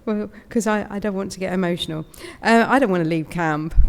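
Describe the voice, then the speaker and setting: A British woman of about fifty from the United Kingdom is a guest speaker at a spiritualist service, giving a chatty, emotional, inspirational talk and laughing often. Her mid-range voice is gravelly and a little fast with hardly any pauses. Recorded indoors in a large, live hall, there's long reverb and slight background noise.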